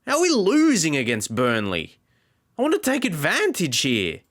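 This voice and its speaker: A man's voice: fairly high pitch, huge pitch swings, moderate pace, a bit bright. Exasperated man commenting gameplay. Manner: exasperated, talks to the game. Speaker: gaming YouTuber. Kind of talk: let's play commentary.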